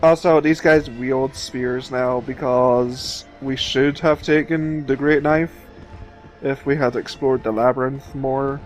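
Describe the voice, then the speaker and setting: A man's voice: mid-range voice, steady tone, slow, faint music behind. A man hosting a let's play, chatting casually, thinking aloud and swearing freely as he plays. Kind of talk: casual gameplay commentary.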